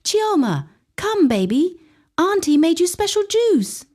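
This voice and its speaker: A woman's voice: very high-pitched, very animated, slow pace, mellow, pitched above the performer's own voice, exaggerated voice. A woman voicing a scheming sister-in-law who fakes frantic, pleading panic. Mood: coaxing.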